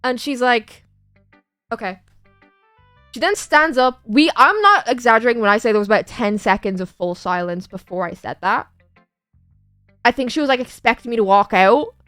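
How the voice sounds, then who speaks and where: A young woman with an Irish accent chats on her stream, telling a story with lots of laughs and little acted-out voices. Her voice sits high and bright. The sound is dry and close, with faint music behind her. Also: fairly quick, no room sound. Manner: animated, laughing, acts out the people in her story. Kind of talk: casual storytelling chat.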